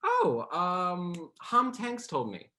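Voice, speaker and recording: A woman's voice: huge pitch swings, very slow, pushed and bright, exaggerated voice. A woman playing a brash fake dialect coach. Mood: breezy bluffing. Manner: brash, breezy, bursts into high exaggerated accent voices. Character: bumbling fake male dialect coach, confident liar. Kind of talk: sketch comedy.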